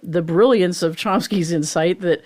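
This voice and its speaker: Professor type, woman in her 60s, lowish voice, animated and talkative, lectures conversationally. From Pittsburgh, USA. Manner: animated and chatty, explains with rhetorical "right?" and quick laughs. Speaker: linguistics professor, guest.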